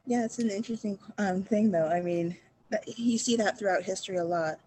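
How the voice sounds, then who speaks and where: A woman's voice: mid-range voice, fairly quick, mellow, low-quality recording. A woman co-hosting a podcast who reflects chattily on characters and choices in a fantasy novel. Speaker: podcast co-host. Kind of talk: casual book discussion.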